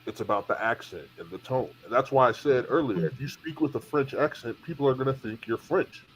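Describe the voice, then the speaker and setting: A man's voice: medium pitch, brisk, slight background noise, poor audio. A man in a casual panel discussion, assertively explaining his view and correcting others.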